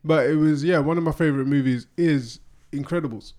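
A man's voice: fairly high pitch, a little fast, darkish tone. A man in casual conversation reviewing a film, rambling a little and laughing easily. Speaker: podcast co-host.

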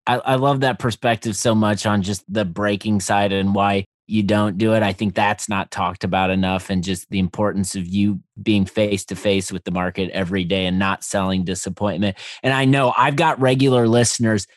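A man's voice: on the low side, fairly even intonation, normal speed, few pauses, no room sound, studio quality. A man hosting a podcast, enthusiastically affirming his guest and asking casual questions. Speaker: podcast host.

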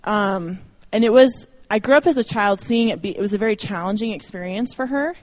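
A woman's voice: mid-range voice, a little fast. Chatty young woman giving a church talk. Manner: chatty, self-deprecating, with light laughs. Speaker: church speaker. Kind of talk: informal church talk to an audience. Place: church meeting room.

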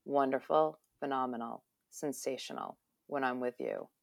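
A woman reading aloud the lines of an insecure young heroine in a romance novel, soft and yielding. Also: very deep voice, huge pitch swings, normal speed, creaky, no echo, clean studio sound, heavily acted.

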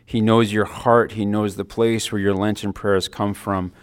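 A man giving a personal devotional talk, earnest and reflective, his phrases often trailing off softly. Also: fairly low pitch, little pitch movement, measured pace, smooth. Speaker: Christian speaker giving a Lenten reflection.

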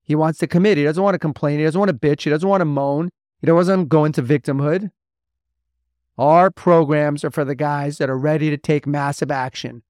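A man's voice: a little high, steady tone, a little fast, darkish tone, no echo, clean studio sound. A man hosting a motivational podcast as a mentor to men, talking bluntly and emphatically with lots of repetition. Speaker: podcast host and men's mentor.

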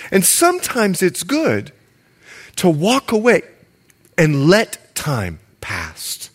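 A man preaching a sermon in an animated way, talking straight to his congregation and slowing down softly for scripture. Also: a little high. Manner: animated, reads scripture slowly and softly, addresses the congregation directly.

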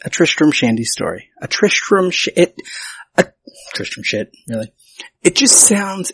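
Podcast host, male, gravelly and husky, casual and self-mocking, stumbles over words. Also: medium pitch. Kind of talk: casual solo podcast talk.

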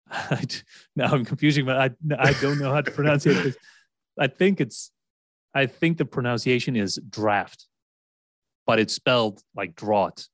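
A man's voice: medium pitch, normal speed, no room sound. A man from Sweden with a Swedish accent, co-hosting a podcast in easy, rambling chat and often restarting his sentences. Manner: rambling, with frequent restarts and laughs. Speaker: podcast co-host. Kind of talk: casual chat.

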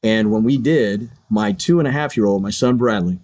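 A man's voice: fairly low pitch, expressive, moderate pace, darkish tone. A middle-aged man, a retired pilot and chaplain, earnestly telling a personal story as an interview guest.

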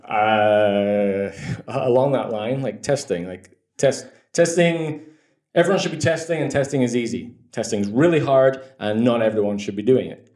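A man's voice: mid-range voice, moderate pace, darkish tone, roomy sound. A man speaking as an interview guest on optimization, blunt and joking, swearing freely in casual chat. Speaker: guest, conversion optimization expert.

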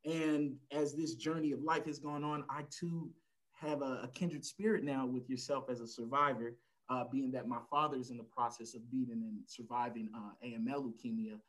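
A man talking as a podcast guest and caregiver, telling a family story in a relaxed conversational way, with lots of "you know" and acted-out lines from family members. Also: medium pitch, normal speed, poor audio. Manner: frequent "you know" fillers. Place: lives in El Paso, Texas.

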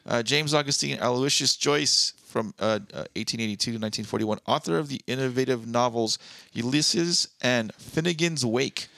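A male podcast co-host with a gritty, fry-laced voice, reading history notes aloud and breaking off for quick asides. The sound is dry and close-miked, with no room around it. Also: mid-range voice, pushed and bright, no room sound. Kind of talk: casual comedy podcast chat.

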